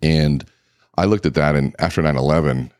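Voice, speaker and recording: A man guest in a casual interview, telling lively anecdotes full of quoted dialogue. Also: rumbling low, normal speed, no echo, clean studio sound. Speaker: keynote speaker and guest.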